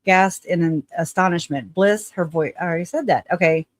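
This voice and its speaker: A woman's voice: lowish voice, a little fast, no room sound. A woman host with a Southern twang, reading news articles aloud and breaking off into sarcastic asides. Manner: sarcastic asides, reads with stumbles.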